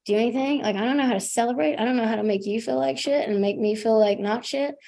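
A woman's voice: on the high side, fast talker, gravelly, mellow. A young woman telling her recovery story at a meeting in a casual, self-deprecating way, full of "like" and "you know". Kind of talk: candid personal share at a recovery meeting.

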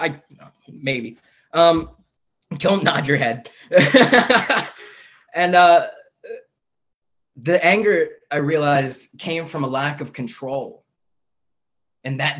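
A man's voice: medium pitch, fairly bright tone. Rambling, self-mocking man on a video call. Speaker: speaker sharing recovery story. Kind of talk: candid personal sharing on a video call.

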